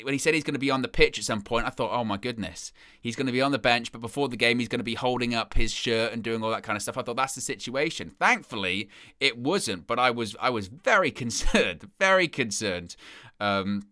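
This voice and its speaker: A young man hosting a fan live stream, with a bright, forward voice. He chats casually, rambles and repeats himself, and keeps putting himself down. The sound is dry and close to the mic. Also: medium pitch, animated, fairly quick, no echo. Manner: chatty, rambling, self-deprecating, repeats phrases.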